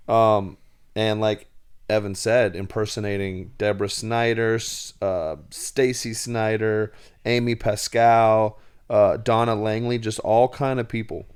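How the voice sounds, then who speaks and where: A man's voice: lowish voice, darkish tone, clean tone. A man hosting a podcast, casually explaining a story to viewers with many fillers. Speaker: podcast host. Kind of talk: casual chat.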